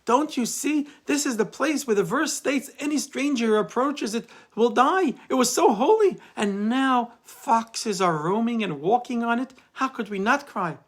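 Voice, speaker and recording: Lamenting ancient sages, higher, husky and pleading , put on by a male teacher. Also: animated, moderate pace, few pauses. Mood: grieving. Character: grieving ancient rabbis, older men, anguished.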